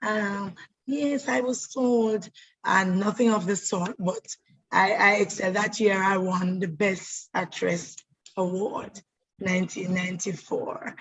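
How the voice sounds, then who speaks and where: A middle-aged actress, telling her life story in an animated way, often repeating words as she goes. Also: mid-range voice, unhurried, low-quality recording. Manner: animated, repeats words, breaks into voices and laughter. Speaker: stage actress. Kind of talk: personal storytelling monologue.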